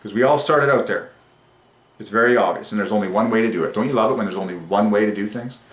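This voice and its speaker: Man, low voice, ecstatic religious monologue, rapturous bursts and quiet musing, echoey room. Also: fast talker. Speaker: numerology channel host. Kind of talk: excited religious numerology monologue.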